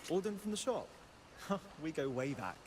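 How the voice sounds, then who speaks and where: An actor voicing a cheerful, eager male character in a video game, heard as soft, distant game audio. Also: fairly high pitch, expressive, moderate pace, slight background noise, lightly acted.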